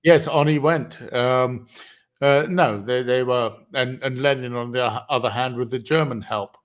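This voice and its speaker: Halting man hosting a livestream chat. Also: mid-range voice. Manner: halting, many fillers and restarts. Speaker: host.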